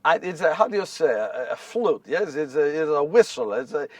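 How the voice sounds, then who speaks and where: A high-pitched, earnest young Joseph, played by a man in a stage monologue, telling his tale wryly with repeated phrases. The sound is dry and picked up from some distance. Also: very animated, moderate pace, no room sound. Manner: repetitive, wry storytelling with self-corrections. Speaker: solo stage performer. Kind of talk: first-person dramatic monologue. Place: live stage before an audience.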